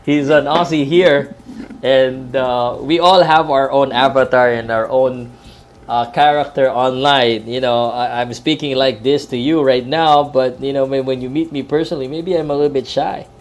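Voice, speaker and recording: A man's voice: medium pitch, fairly even intonation, normal speed. A man from the Philippines, a professional commentator, chatting loosely about boxing and MMA on a live stream, with many fillers and restarts. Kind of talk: live fight-night talk.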